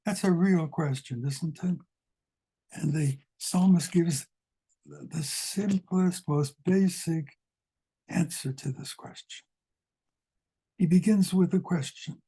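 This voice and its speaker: An older man, a guest rabbi, teaching a psalm over a video call, asking rhetorical questions in an unhurried way. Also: a little high, mellow, slightly rough, rough recording. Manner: asks many rhetorical questions, unhurried with pauses. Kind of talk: slow, questioning lesson on a psalm.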